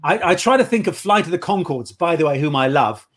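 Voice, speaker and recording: A man's voice: fairly high pitch, expressive, fairly quick, fairly bright tone. A man on a casual interview, telling playful anecdotes about his work as an improv performer. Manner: chatty anecdotal storyteller, playful.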